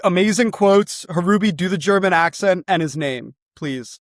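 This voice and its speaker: Excitable young man with a dry voice. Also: high voice, moderate pace, dry recording. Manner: excitable, rambling, swears freely. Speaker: co-host pitching a football club. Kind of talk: comedic sales pitch.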